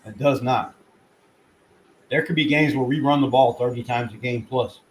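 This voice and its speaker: Swearing a lot and at times eating while he talks, a man hosts his own fan channel with excitable, meandering sports chatter. He has a mid-range voice at normal speed, and the poor audio carries slight background noise.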